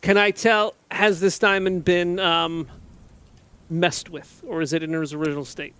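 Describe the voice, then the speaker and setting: A man's voice: high voice, little pitch movement, unhurried, fairly bright tone, clean tone. A man playing a tabletop game, thinking aloud hesitantly as he asks questions. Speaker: player. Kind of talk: casual play at a tabletop game.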